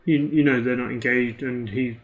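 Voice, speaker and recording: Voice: medium pitch, fairly even intonation, normal speed, lo-fi sound. A co-commentator chatting casually about a card game, with dry teasing remarks.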